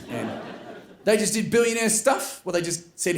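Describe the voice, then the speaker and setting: A man with an Australian accent doing stand-up, telling a story in an animated way with bursts of loud put-on voices. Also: fairly high pitch, a little fast. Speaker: stand-up comedian. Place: comedy stage. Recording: roomy venue with faint noise.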